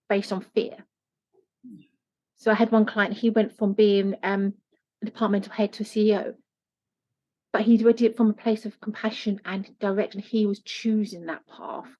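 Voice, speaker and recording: A woman life coach talking earnestly in an interview, turning animated when she acts out what people say. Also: medium pitch. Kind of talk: conversational interview. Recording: dull lo-fi sound.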